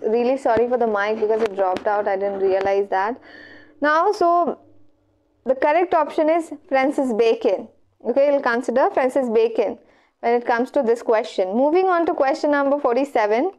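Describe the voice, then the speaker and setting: A woman's voice: high-pitched, moderate pace, darkish tone. A woman with an Indian English accent teaching an online exam revision lecture, explaining step by step and checking in with frequent okays. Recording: dull lo-fi mic.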